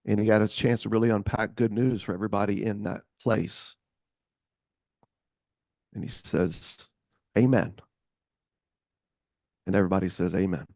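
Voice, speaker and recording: A man co-hosting a podcast, telling a story in a casual, animated way. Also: on the low side, normal speed, vocal fry, pauses often, no echo, clean studio sound. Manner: animated, acts out voices. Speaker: podcast co-host.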